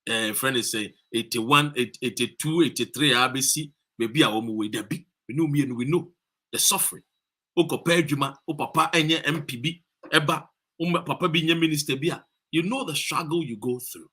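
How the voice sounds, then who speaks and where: A Ghanaian man livestreaming from a street demonstration, rousing viewers with repeated calls and shout-outs. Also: a little high, a little fast, breathy edge. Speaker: activist streaming a demonstration. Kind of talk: live-streamed rally talk.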